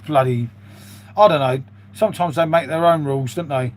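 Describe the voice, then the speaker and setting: A man's voice: a little high, moderate pace. A British man chatting casually to his live-stream viewers, rambling and calling them "mate". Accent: British English. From United Kingdom. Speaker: live streamer reading chat.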